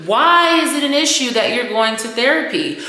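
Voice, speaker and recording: A woman's voice: high-pitched, lively intonation, normal speed, sharp tone. A woman hosting her own show, ranting candidly and with plenty of profanity, a little tipsy. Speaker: podcast host. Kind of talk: casual rant monologue. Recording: roomy echoey room.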